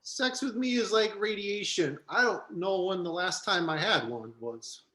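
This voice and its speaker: A man delivering deadpan improv one-liners on a video call. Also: sits high, measured pace, reverberant. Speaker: improv performer.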